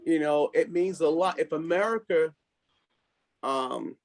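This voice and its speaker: Man in an interview, thoughtful and halting. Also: a little high. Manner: thoughtful, hesitant with fillers. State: coughing from allergies. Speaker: guest, district leader. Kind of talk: interview answers.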